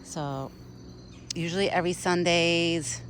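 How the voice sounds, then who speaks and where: A woman's voice: on the low side, steady tone, a little slow, background noise. Chatty woman outdoors among crickets. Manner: chatty, coos sweet baby talk at the deer. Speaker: vlogger feeding a wild deer. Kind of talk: casual chat. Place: outdoors in a yard at dusk. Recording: outdoor phone recording, crickets. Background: crickets and insects.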